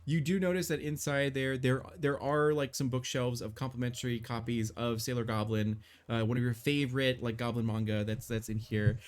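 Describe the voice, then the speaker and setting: A man runs a tabletop game on a live stream and narrates the scene as game master. He rambles with many fillers, at an ordinary middle pitch. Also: fairly even intonation, normal speed, hardly any pauses.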